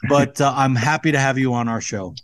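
A man's voice: mid-range voice, brisk, a bit bright, no echo, clean studio sound. A man hosting a podcast, introducing his guest in an eager, rambling way. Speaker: podcast host.

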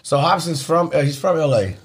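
A man, a rapper chatting casually on a podcast, animated and profane and quick to laugh. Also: fairly high pitch, breathy edge. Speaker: rapper guest.

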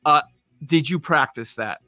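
An upbeat male podcast host chatting about sports bets and peppering his guest with questions. His voice is bright and a little high. The sound is dry and close to the mic. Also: measured pace, dry recording, soft background music. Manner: upbeat, laughing, asks many questions. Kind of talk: casual sports betting chat.

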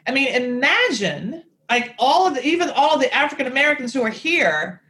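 A woman guest in a casual podcast chat, telling a story in an expressive, emphatic way. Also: high-pitched, normal speed.

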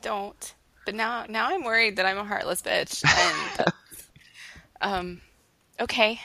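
A woman co-hosting a casual podcast chat, talking in an animated, emphatic way and laughing often. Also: medium pitch, a little slow, no room sound. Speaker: podcast co-host.

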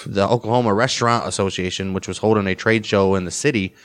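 Fast-reading male podcast co-host. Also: lowish voice, steady tone. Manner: quick, joking asides. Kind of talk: reading history and casual chat.

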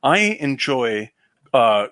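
A man's voice: mid-range voice, big pitch swings, drawn-out words, fairly bright tone, no room sound, clean studio sound. A man in casual podcast chat, rambling with many fillers and restarts, swearing freely.

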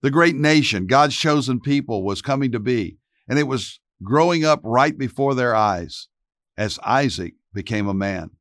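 A man narrating a Bible story in a calm, reflective way. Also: mid-range voice, moderate pace, dry recording, clean studio sound.

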